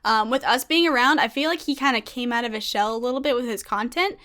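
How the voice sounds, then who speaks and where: A woman's voice: fairly high pitch, quick pace, sharp tone. A young woman chatting casually about her gaming teammates in a bubbly, giggly, gushing way. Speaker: gaming YouTuber. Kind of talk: casual vlog chat.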